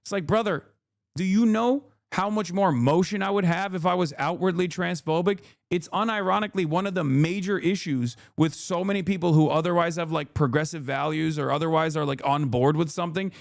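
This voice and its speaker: A man's voice: a little high, fairly quick, vocal fry, no room sound, clean studio sound. A man in his thirties giving heated casual commentary as a streamer reacting to news clips, emphatic and direct, often calling the listener "brother". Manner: emphatic, calls listener "brother", frequent restarts and "okay?".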